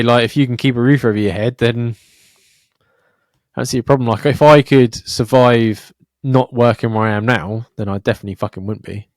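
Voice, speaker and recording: Young male podcast co-host, profane and lively storyteller, mid-pitched, dry studio mic. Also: dry recording. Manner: sweary, animated storytelling. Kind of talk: casual podcast chat.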